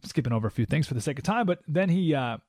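A man's voice: on the high side, racing, no echo, clean studio sound. A male radio talk show host delivering an emphatic, preachy opinion monologue. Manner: animated, emphatic, preachy with acted-out quotes.

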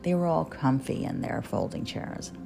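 Woman from new jersey, podcast host, deep gravelly voice, lively, candid chatty monologue over guitar music. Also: moderate pace. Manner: candid, chatty, self-deprecating. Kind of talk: personal monologue.

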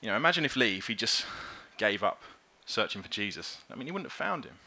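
This preacher's voice is on the low side and he talks fast. His sermon is conversational and lively, loosely delivered, with small quoted voices acted out throughout.

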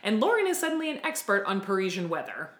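A woman's voice: medium pitch, big pitch swings, fast, a bit bright. A woman co-hosting a podcast, recapping a TV episode in a dry, wry, chatty way. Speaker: podcast co-host. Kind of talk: casual recap chat. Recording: roomy echo.

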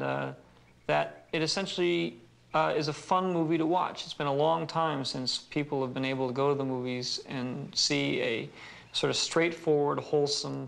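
Male interviewee, slightly higher pitch, heavy fry, hesitant. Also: fairly bright tone. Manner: thoughtful with hesitations. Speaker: archival interviewee. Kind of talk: interview answer.

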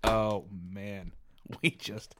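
A man's voice: fairly low pitch, very slow, noisy background. A man hosting a podcast in casual chat, swearing freely and laughing often. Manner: profane, animated, laughs often. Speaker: podcast host.

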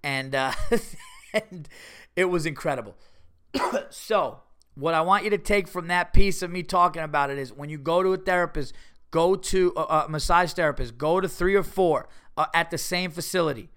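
A man hosting a podcast, a comedian telling a rambling, animated story with many fillers and restarts. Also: fairly high pitch, normal speed, smooth. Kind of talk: casual storytelling monologue.

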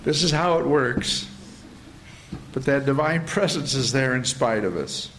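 A man giving a spiritual talk to a gathering, slow and reflective, often repeating his phrases. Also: medium pitch, fairly bright tone, slight background noise. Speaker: spiritual teacher.

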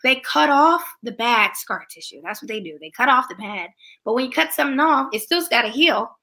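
Musical theater performer, forties, female, bright and higher-pitched, candid storyteller mid-recovery from throat surgery. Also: expressive, fairly quick. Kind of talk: casual conversation.

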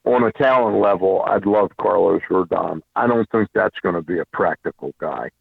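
A man calling in as a weekly guest for casual sports chat, talking rapidly and over the host. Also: sits low, creaky, husky, no room sound. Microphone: phone call. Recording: tinny phone line.

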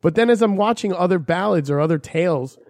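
A man's voice: sits high, fast, darkish tone, no echo. A man on a casual podcast, ranting profanely and acting out quotes as he talks. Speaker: podcast co-host. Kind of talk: casual chat.

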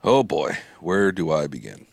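Low-voiced dude teasing his buddy, voice jumps around a lot, dry close mic. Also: unhurried, creaky, husky, dry recording. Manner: teasing, lively, playful banter. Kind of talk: casual chat.

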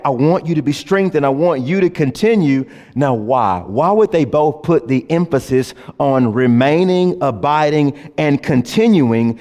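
A man preaching a sermon in a lively, folksy way, swinging between loud emphasis and hushed passages. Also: sits high. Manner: folksy, says y'all. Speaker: pastor. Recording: long hall reverb.

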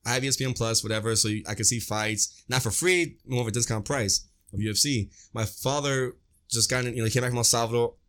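A young man co-hosting a casual podcast chat, telling animated stories full of slang and cursing. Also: mid-range voice, quick pace. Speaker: podcast co-host.

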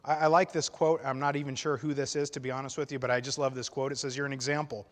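A man preaching a sermon to his church, emphatic and animated, swelling loud at his peaks and dropping quiet after. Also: mid-range voice, quick pace, long reverb tail. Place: church sanctuary.

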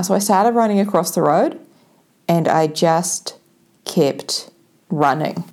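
A young adult woman casually telling a self-mocking personal story to her viewers, animated and laughing often. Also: fairly low pitch, unhurried.

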